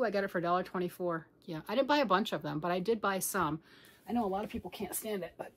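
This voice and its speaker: Husky-voiced chatty grandmother. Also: mid-range voice, fast, a bit bright. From United States. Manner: rambling, chatty, self-mocking. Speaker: yarn crafting vlogger. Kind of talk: casual chat.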